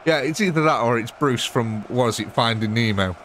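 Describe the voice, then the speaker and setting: A man's voice: mid-range voice, brisk, fairly bright tone, a little hiss or hum. A British man hosting a live gaming stream, commenting on the battle in a jokey, chatty way and answering his viewers. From Britain. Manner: jokey, chatty, replies to chat. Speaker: livestream host.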